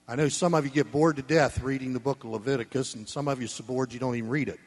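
A man preaching a sermon, blunt and folksy, swinging between loud emphasis and soft asides. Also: mid-range voice, steady tone, fast talker, husky. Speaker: pastor. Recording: long reverb of a church hall.

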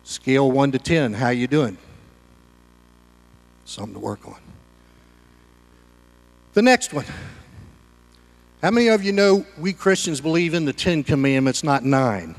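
A man's voice: medium pitch, sing-song, measured pace, long pauses, big-room sound. A man preaching a sermon as pastor, folksy and conversational, with homespun humor.

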